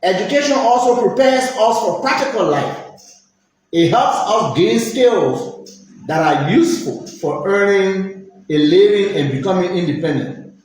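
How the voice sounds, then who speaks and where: A man's voice: high voice, expressive, unhurried, a little mellow. A middle-aged man with a Liberian accent, a university vice president giving a formal, emphatic press statement that admonishes. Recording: very echoey room with faint noise.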